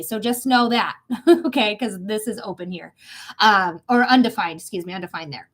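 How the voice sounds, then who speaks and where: A woman's voice: mid-range voice, normal speed. A young woman giving a live psychic reading, talking casually and bluntly to the viewer and swearing freely. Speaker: psychic reader.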